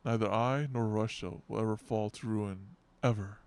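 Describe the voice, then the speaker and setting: A man's voice: on the low side, fairly even intonation, moderate pace, a little mellow, clean tone, natural voice. A man voicing an aging giant beast-tsar in a game story, reading in a grave, solemn way. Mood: brooding.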